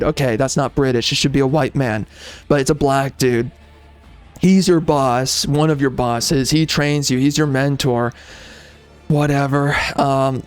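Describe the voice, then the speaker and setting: A man giving a ranting video game review, exasperated and emphatic, repeating himself and tossing in slang and fillers. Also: mid-range voice. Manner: frequent filler words and restarts, casual slang.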